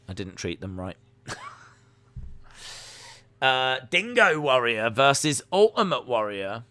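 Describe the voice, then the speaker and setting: A man's voice: medium pitch, pushed and bright, clear, resonant tone. A man hosting a live stream, reacting to wrestling in casual commentary, joking and answering chat messages. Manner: jokey, reads out and answers chat.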